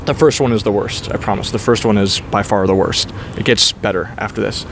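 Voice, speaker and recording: A man's voice: fairly low pitch, brisk, creaky. A man hosting a podcast interview, rambling casually and swearing freely as he talks on concrete steps outdoors. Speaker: podcast host. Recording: outdoor traffic noise. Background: traffic noise.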